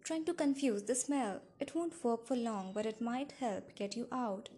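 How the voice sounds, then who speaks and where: A woman voicing a gentle, motherly female vampire who speaks softly and quickly, in an audiobook reading. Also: on the high side, close to an everyday voice. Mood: urgent.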